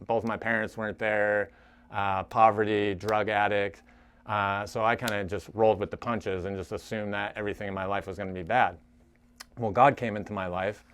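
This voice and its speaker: A young adult man giving an earnest, halting church teaching talk to a recovery group. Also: on the low side, fairly bright tone, smooth. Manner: earnest, halting, frequent restarts.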